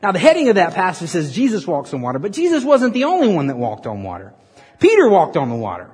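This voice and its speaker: A man preaching a sermon as a pastor, playfully narrating a scripture skit and bursting into loud dramatic reading. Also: high voice, huge pitch swings, fast talker, husky, long reverb tail. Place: large hall with audience.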